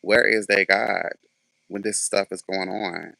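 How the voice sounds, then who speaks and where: A man's voice: sits low, steady tone, a little slow, creaky, sharp tone, dry recording. A man ranting casually to camera in a sassy, sarcastic way, swearing freely. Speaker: vlogger.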